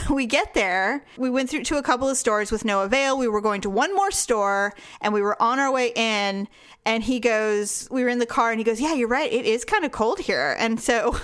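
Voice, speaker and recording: A woman's voice: a little high, smooth. A woman co-hosting a podcast, chatting casually and telling stories with lots of laughter. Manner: giggly, animated storyteller. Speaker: podcast co-host. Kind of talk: casual chat.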